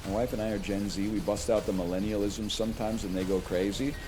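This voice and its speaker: Fast-talking, with a lowish voice and a steady tone, this thirtysomething streamer jokes and rambles as he plays a video game, wandering off onto tangents. Background noise can be heard.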